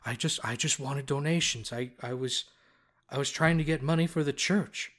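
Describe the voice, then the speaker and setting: A man's voice: mid-range voice, fairly bright tone, close to an everyday voice. A man doing a stammering old cleric. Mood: shaken. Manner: halting, stammering. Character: old male cleric, shaken and tearful.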